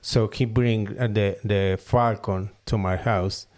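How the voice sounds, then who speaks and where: A man from Mexico whose first language is Spanish, speaking halting English with a Mexican accent as a guest in a casual interview, often repeating words as he searches for them. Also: lowish voice, fairly even intonation, a little mellow. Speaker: guest falconer and hood maker.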